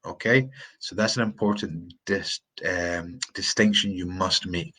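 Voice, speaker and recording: A man teaching English pronunciation in a live-streamed lesson, repeating words slowly to drill the sounds. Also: deep voice, fairly even intonation, sharp tone, slightly rough.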